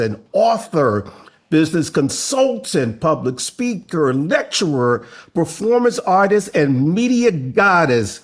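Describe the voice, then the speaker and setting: A man hosting a podcast, talking in a theatrical, playful way with booming call-outs. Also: sing-song, a little slow. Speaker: podcast host. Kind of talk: flamboyant podcast intro and interview.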